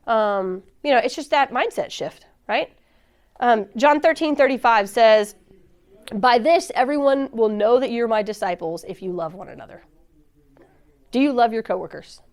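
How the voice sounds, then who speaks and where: Woman speaker for a church talk, high-ish voice, casual and laughing, acts out her stories. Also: normal speed. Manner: chatty, laughs often, acts out quoted dialogue.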